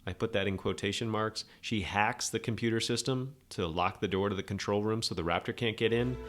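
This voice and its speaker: A man's voice: on the low side, fairly quick, a bit bright. A man hosting a podcast, giving a rambling, sarcastic, opinionated movie review in a casual monologue. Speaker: podcast host.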